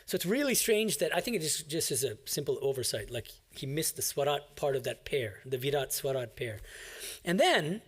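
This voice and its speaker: A man's voice: on the high side, sing-song, moderate pace, husky. A man, a monk, giving an emphatic, explanatory commentary on a scripture reading to a class.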